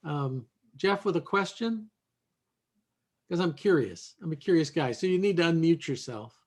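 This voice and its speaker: A man hosting a video podcast roundtable over a video call, asking questions in a halting way with many fillers. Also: a little high, animated. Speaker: podcast host.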